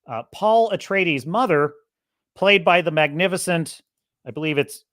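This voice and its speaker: Bright-voiced enthusiastic male podcaster. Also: fairly high pitch, animated, moderate pace, no room sound, clean studio sound. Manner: enthusiastic, rambling, self-correcting. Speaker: podcast host. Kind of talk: casual film review monologue.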